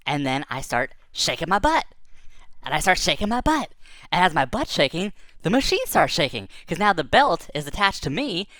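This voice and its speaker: A woman's voice: deep voice, fairly bright tone, dry recording, clean studio sound. A woman telling a silly first-person tall tale for kids, playful and exaggerated, breaking into sing-song chants. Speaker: storyteller.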